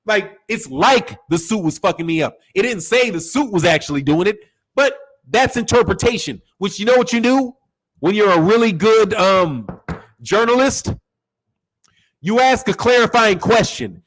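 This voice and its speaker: A man hosting a boxing channel, giving animated, profane opinion commentary and acting out quoted voices. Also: high voice, moderate pace, rough recording. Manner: animated, acts out quoted voices, curses freely.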